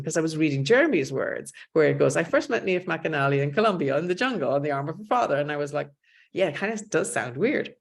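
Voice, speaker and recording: Talking fast in a low, gravelly voice, a middle-aged author from Ireland tells stories as a guest in a relaxed interview. She's an animated storyteller who acts out what others said as she goes.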